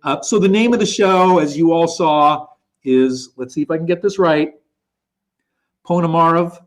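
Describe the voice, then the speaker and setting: A man with a slightly raised pitch hosts a live online show in easy, chatty speech. He thinks aloud as he goes, keeping it casual. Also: normal speed. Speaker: show host. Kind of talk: casual live-stream hosting. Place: Poland. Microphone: video call.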